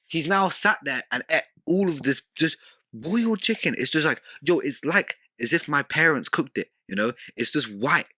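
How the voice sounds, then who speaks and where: Young male podcast guest, bright and animated, mimics people mid-story; dry close-mic sound. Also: a little high, moderate pace, no echo. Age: young adult. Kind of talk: casual podcast chat.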